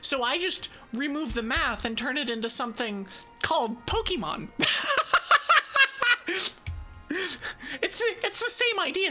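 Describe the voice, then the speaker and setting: This is a woman VTuber chatting live with her chat in a bubbly, sarcastic, giggly way. Her voice is high, bright and forward. It swoops widely in pitch, and faint game music plays underneath. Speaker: VTuber streamer. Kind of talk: casual live-stream chat, answering chat.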